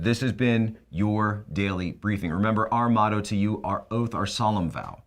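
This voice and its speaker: A man's voice: on the low side, normal speed, few pauses. A man hosting a political talk show, delivering an emphatic, sarcastic monologue. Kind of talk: monologue commentary.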